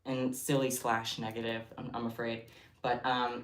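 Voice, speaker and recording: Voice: medium pitch, level tone, moderate pace. A livestream host chatting casually while crafting, giggly and rambling off on tangents. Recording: roomy echo.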